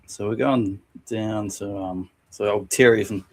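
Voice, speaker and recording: A man co-hosting a casual podcast, reading and retelling funny anecdotes from a book, laughing often and doing quick voices for quotes. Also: fairly low pitch. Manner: laughs often while telling stories, animated voices for quotes. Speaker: podcast co-host.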